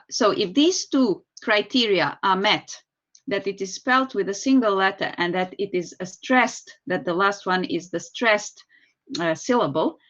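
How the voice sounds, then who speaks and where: Teacher on a dull call. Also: female voice, medium pitch, fairly bright tone. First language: Serbian. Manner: patient, explanatory, calls on students by name. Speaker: English teacher. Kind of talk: online grammar lesson.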